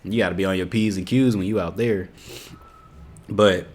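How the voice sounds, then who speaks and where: A young man with an Indiana accent talks through a reaction video in a lowish voice. He is animated and a bit exasperated, and he leans on casual filler phrases as he explains himself. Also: moderate pace. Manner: animated, exasperated, keeps saying "you know what I'm saying".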